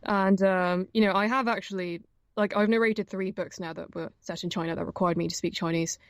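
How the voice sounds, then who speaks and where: A woman's voice: mid-range voice, fairly even intonation, brisk, no room sound, clean studio sound. A young woman, an audiobook narrator, chatting casually as an interview guest, with many fillers and frequent laughs. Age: young adult.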